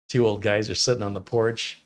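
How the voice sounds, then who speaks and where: A man's voice: lowish voice, flat delivery, moderate pace. A man in his fifties from Michigan, a computer technician chatting casually with viewers on a livestream in a wry, opinionated manner with sarcastic asides. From Michigan, USA. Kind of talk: casual chat answering viewers.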